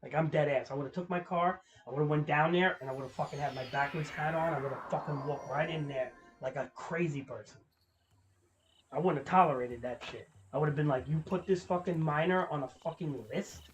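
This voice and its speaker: A man's voice: a little high, brisk, a little hiss or hum. Profane rambling man commenting on gameplay. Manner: profane, rambling, restarts words often. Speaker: gaming channel host. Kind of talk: casual gameplay commentary to a viewer.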